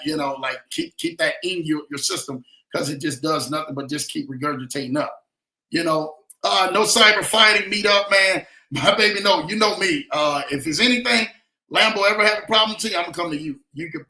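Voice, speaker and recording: Brief: slangy livestream host, a man, high bright voice, echoey room. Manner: animated, slangy, speaks of himself in third person. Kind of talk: casual livestream chat reading comments.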